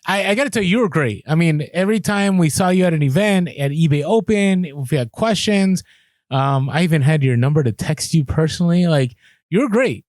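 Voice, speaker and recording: A man hosting a podcast interview, asking questions in an eager, halting way and often repeating himself. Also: on the high side, animated, a little mellow, no echo, clean studio sound. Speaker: podcast host. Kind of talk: casual interview chat.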